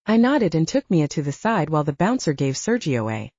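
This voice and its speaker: Woman audiobook narrator, low and mellow, animated delivery, dry dull sound. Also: a little fast, no room sound. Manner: expressive storytelling. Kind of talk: scripted narration.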